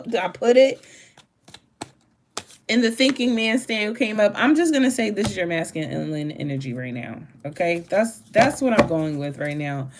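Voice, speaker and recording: A woman's voice: mid-range voice, lively intonation, unhurried, slight background noise. A woman doing a casual tarot reading, talking in a rambling, emphatic way and swearing freely. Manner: profane, rambling and emphatic, with sudden laughs. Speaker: tarot reader.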